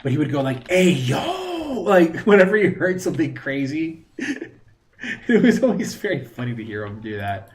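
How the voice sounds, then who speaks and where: A man's voice: mid-range voice, big pitch swings, brisk. A man live-streaming from home into a desk microphone, rambling casually to his chat and laughing often.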